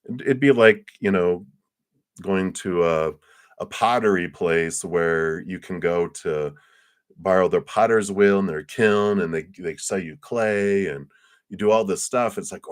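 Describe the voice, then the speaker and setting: Man, very low voice, tarot reader, live stream, excitable, rambling. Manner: excitable and chatty, many fillers.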